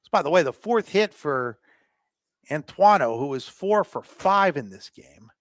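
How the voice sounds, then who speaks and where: A man doing live softball play-by-play commentary, chatty between pitches and rising in excitement on the plays. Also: measured pace, no room sound, clean studio sound.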